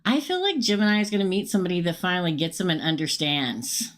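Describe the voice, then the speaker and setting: Middle-aged woman, lower voice that swings up and down a lot, chatty and upfront, casual tarot livestream talk. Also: lively intonation, fast talker. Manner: chatty, upfront, talks straight to viewers and reads chat aloud. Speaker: tarot reader hosting a livestream. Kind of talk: casual live tarot reading.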